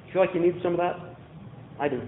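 A man's voice: high voice, fast talker, echoey room, phone-quality sound, slight background noise. A man from Louisiana preaching a sermon in a conversational storytelling way, asking the congregation questions. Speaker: pastor.

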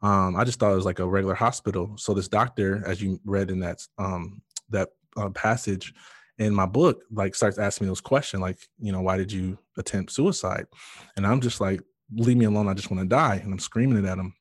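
A man's voice: low-pitched, steady tone, brisk, no room sound, studio quality. A man earnestly telling an emotional personal story in conversation, with many fillers and restarts. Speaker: guest sharing his testimony.

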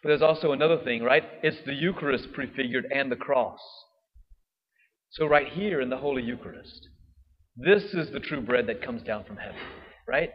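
A man's voice: medium pitch, moderate pace, slightly rough. A man preaching a sermon in a church, in a conversational way, often checking in with "right?". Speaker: priest. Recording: dull echoey church recording.

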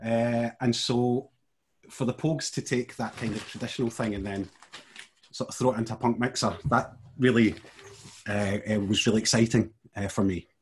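A man, from the west of Scotland, chatting as a podcast guest, hesitant and halting with frequent laughs. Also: medium pitch, steady tone, slight background noise. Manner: hesitant, many fillers and restarts, laughs easily. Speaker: guest curator. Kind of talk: casual chat.

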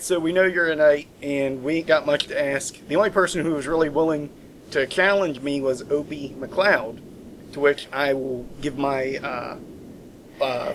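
A man speaks as a guest on a casual call-in radio show, telling a story in loose speech full of restarts and repeats. His voice sits a bit high for a man, with faint noise behind it. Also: low-quality recording.

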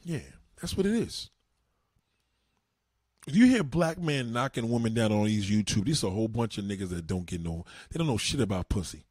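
A middle-aged man hosting his own show rants animatedly at a brisk clip, profane and crude, looping back over lines he's already said. He has a husky voice with wide pitch swings, captured in a close, dry recording.

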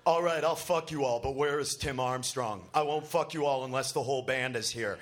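A man voicing a very tall goth woman who talks in a husky, droning baritone. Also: a little fast, natural voice. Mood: droning flirt. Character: tall gothic woman with deep drone.

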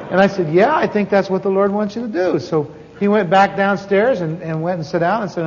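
A man's voice: sits high, brisk, hardly any pauses, a little hiss or hum. A man telling a story in a sermon, folksy and self-deprecating, with many asides and restarts. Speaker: preacher teaching on evangelism. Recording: dull sound with long hall reverb.

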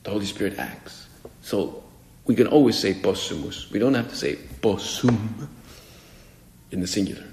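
A man's voice: on the low side, lively intonation, normal speed, long pauses, a little mellow. A man giving a spoken meditation as a priest, talking in a conversational, musing way with frequent restarts, in an echoey hall with faint music behind.

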